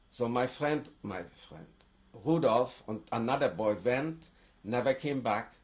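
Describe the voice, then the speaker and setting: An older man who grew up in Germany, seated indoors with a lapel mic, giving oral history testimony in a halting way with frequent restarts. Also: medium pitch. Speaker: interviewee.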